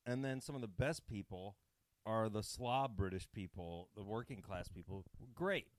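A man's voice: on the low side, normal speed, slight background noise. An American man hosting a comedy podcast, telling stories animatedly with lots of swearing. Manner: animated, profane, does accents. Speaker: podcast host. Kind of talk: comedic storytelling chat.

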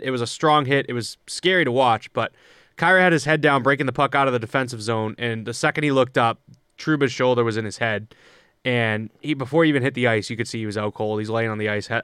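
A man's voice: mid-range voice, a bit bright, clear, resonant tone, no room sound, clean studio sound. A young man co-hosting a casual sports podcast, talking loosely and swearing often. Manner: loose and profane, quick asides. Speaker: podcast co-host. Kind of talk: casual hockey chat.

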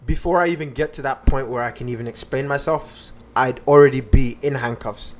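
A man's voice: medium pitch, steady tone, fairly quick. A man on a podcast casually telling a personal story, rambling with lots of fillers and restarts.

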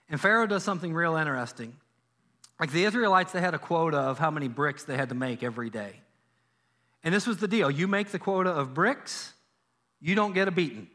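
Bright-voiced animated male preacher. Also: fairly high pitch. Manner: animated storytelling, acts out biblical dialogue. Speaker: pastor. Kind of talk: sermon. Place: church sanctuary.

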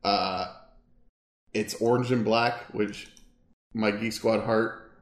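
A man's voice: on the low side, fairly even intonation, takes it slowly. A man chatting casually about phones, joking crudely and swearing. His voice sits in an echoey room. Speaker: podcast co-host. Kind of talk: casual tech chat.

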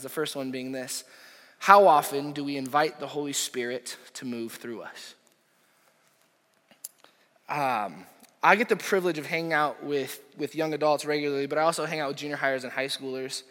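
A young adult man, a pastor preaching a sermon, impassioned, rising to loud peaks and dropping to near whispers. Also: a little high, brisk. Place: church auditorium. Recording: echoey hall reverb.

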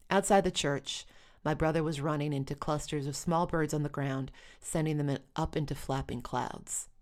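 Low-voiced woman telling a wry story. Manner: wry, dry humor. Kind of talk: first-person storytelling.

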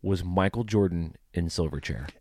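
A man's voice: deep voice, normal speed, darkish tone, no echo, studio quality. A man co-hosting a podcast in casual chat, joking and playful. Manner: jokey, playful with silly put-on voices. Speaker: podcast co-host.

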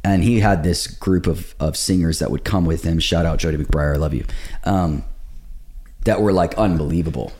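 A man's voice: sits low, normal speed, darkish tone. A man, a pastor, telling a personal story in a casual podcast conversation, animatedly acting out what people said.

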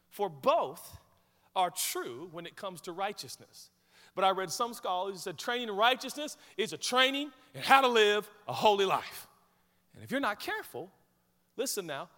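A man preaching a sermon as pastor, animated, swinging from quiet asides to shouted peaks. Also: sits high. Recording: hall reverb.

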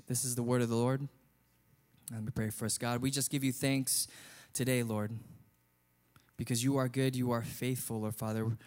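A man's voice: mid-range voice, flat delivery, normal speed, pauses often, a little mellow. A male pastor preaching a sermon in an earnest, conversational way.

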